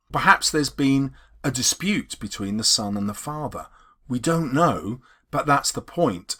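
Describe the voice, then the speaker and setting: A man with an English accent explaining a poem as a teacher, slowing down to stress key words. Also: mid-range voice, pushed and bright. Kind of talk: poetry analysis lesson.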